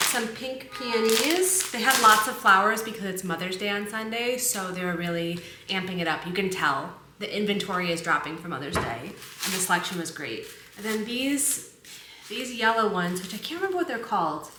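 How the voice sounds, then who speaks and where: A woman's voice: mid-range voice, animated, fairly quick, roomy sound, noisy background. A young woman vlogging casually about decorating her apartment, chatty and enthusiastic as she thinks aloud. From United States. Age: young adult. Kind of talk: casual vlog narration.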